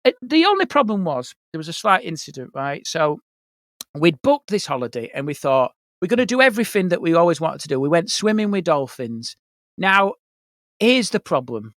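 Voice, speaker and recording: A man's voice: fairly high pitch, very animated, normal speed, fairly bright tone, no echo, studio quality. A man, a guest comedian, telling funny anecdotes on a podcast and slipping into mock-posh voices for quotes. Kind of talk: comic storytelling on a podcast. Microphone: podcast mic.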